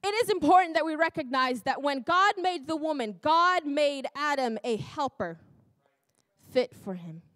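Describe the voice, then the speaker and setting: High-voiced woman preaching with laughs. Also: animated, moderate pace, fairly bright tone, no echo. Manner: laughing, self-interrupting, exclamatory. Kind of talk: sermon. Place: church.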